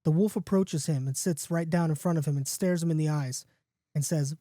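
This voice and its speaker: A man's voice: fairly high pitch, fairly quick, mellow, no room sound, studio quality. A podcast host reading his own spooky story in a casual, playful way, with a few restarts.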